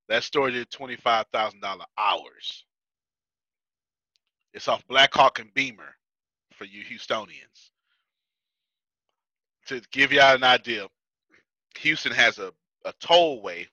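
A man's voice: medium pitch, pushed and bright, dry recording. A man teaching a business class in a chatty, casual way, laughing often and repeating himself. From United States. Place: Houston.

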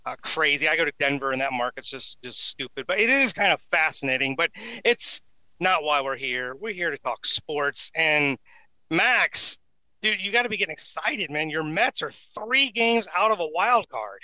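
A man rambles through casual podcast chat, leaning on fillers. His voice is very bright and crisp. The sound is dry. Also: fairly high pitch, lively intonation, normal speed, dry recording, rough recording. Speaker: podcast co-host.

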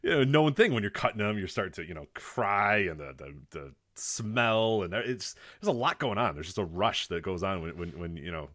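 A man co-hosting a podcast, bantering quickly and laughing often. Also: lowish voice, lively intonation, a bit bright, no echo, clean studio sound. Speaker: podcast co-host. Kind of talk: casual podcast chat.

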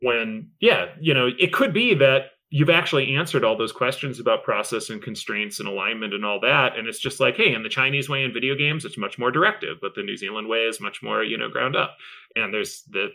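Bright, gravelly-voiced enthusiastic man. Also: fairly low pitch, a little fast, poor audio. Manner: enthusiastic, expressive, self-assured. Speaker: game studio leader, podcast guest. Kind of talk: casual podcast interview.

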